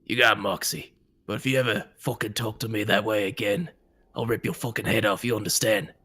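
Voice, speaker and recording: A man doing a gruff, annoyed vampire boss. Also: lowish voice, fairly even intonation, a little fast, bright, forceful tone. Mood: menacing. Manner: gruff, threatening. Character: annoyed round male vampire gang leader.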